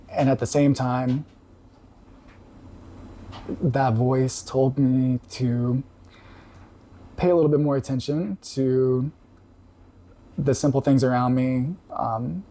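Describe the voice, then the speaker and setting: A man calmly recounting a personal story in casual conversation, reflective, with frequent pauses and fillers. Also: medium pitch. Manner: reflective, halting with many fillers. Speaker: podcast guest.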